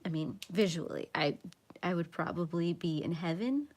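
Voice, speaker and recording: A woman's voice: lowish voice, moderate pace, darkish tone. A young adult woman hosting a casual coloring livestream, chatting in a rambling, self-mocking way with lots of repeats. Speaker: livestream host.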